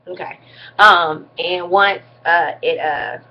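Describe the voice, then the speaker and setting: A woman's voice: on the low side, steady tone, slow pace, dull audio. A woman vlogger giving a casual, blunt and slangy recap of a reality TV episode, with some mild cursing.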